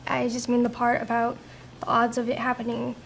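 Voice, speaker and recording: A woman's voice: fairly high pitch, completely flat delivery, brisk, vocal fry, a little hiss or hum. An actor playing a careful young doctor who voices her concern.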